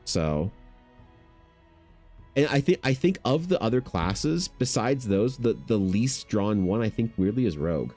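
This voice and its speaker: A man's voice: fairly low pitch, big pitch swings, unhurried, darkish tone, faint music behind. A man artist chatting casually on a livestream, rambling and joking self-deprecatingly with his viewers. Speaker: artist streaming commissions.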